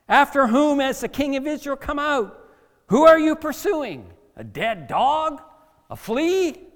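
A man voicing a young warrior who pleads with a king and then defies him, speaking in a loud, impassioned declamation. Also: fairly high pitch, a little slow, smooth, big-room sound, lightly acted. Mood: indignant.

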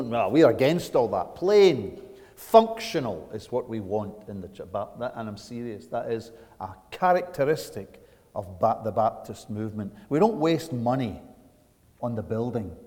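A man from Britain preaching a sermon, swinging from hushed asides to loud, dramatic emphasis and checking in with the congregation. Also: mid-range voice. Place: church sanctuary. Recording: long church reverb.

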